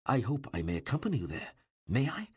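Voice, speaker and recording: A man voicing a ruler's eager, flattering younger brother in an audiobook. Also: mid-range voice, fast, breathy edge, no echo, studio quality, voice pushed up. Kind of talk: audiobook character voice.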